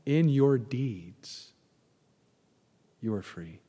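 A man pastor preaching a sermon, animated and emphatic, then dropping into soft prayer. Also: medium pitch, slow pace. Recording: long hall reverb.

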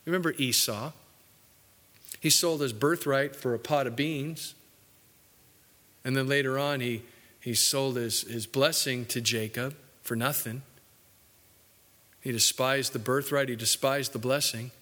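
A man preaching a sermon earnestly, his voice rising for emphasis and dropping low for asides. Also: fairly even intonation, unhurried, long pauses, pushed and bright. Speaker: pastor. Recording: hall reverb.

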